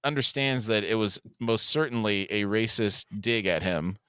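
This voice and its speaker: A man's voice: on the low side, normal speed, sharp tone, clear, resonant tone. A man co-hosting a podcast, recapping scenes and giving short agreeing replies. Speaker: podcast co-host. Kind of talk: episode recap podcast chat.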